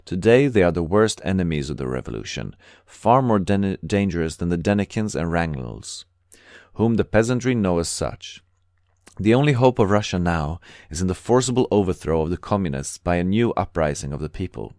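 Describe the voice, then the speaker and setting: A low, urgent emigrant radical confides his plans in a dead-dry audiobook reading, voiced by a man. He sounds earnest and secretive, pressing each point. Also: expressive, moderate pace, darkish tone, dry recording. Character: emigrant anarchist bookseller, earnest, conspiratorial man.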